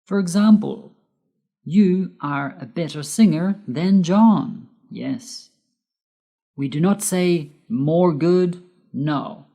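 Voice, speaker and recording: A woman whose first language is Spanish, reading a scripted grammar lesson slowly and deliberately, spelling out letters and stressing key words. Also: low voice, warm tone. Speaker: English teacher.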